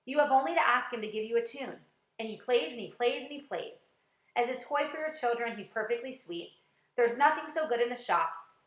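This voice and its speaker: A woman's voice: fairly high pitch, lively intonation, fairly quick, natural voice. A woman voicing a cheerful small boy in a storybook, eager and friendly, in an echoey room.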